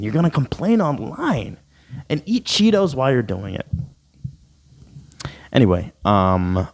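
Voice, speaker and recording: A male podcast host reads comments and rants in casual, profane slang. His voice is mid-pitched and swings widely up and down with animation. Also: very animated, measured pace, long pauses. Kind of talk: casual ranting podcast talk, reading comments.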